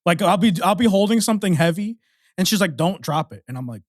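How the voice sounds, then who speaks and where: Brief: high-voiced excitable male co-host, laughs a lot, dry sound. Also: brisk, dry recording. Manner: excitable, laughs between lines. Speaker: podcast co-host. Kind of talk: crude casual chat.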